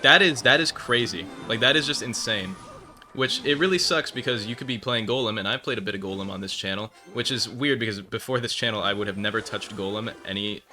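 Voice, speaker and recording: A young man talks over his own gameplay, drifting between a long story and angry outbursts at his opponents. His voice has a very bright, tense edge. Faint music plays under the recording. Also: medium pitch. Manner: rambling, swears and rants at opponents. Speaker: gaming channel host. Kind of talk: casual gameplay commentary with storytelling.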